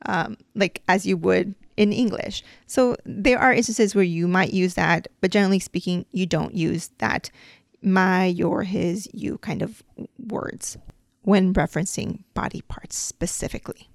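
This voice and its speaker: Her lowish, creaky voice moves at a measured pace on a dry, studio-quality recording. The speaker, a US-raised dental hygienist of Mexican family background, gives a casual podcast lesson in dental Spanish, patiently using examples and many "um"s and "like"s.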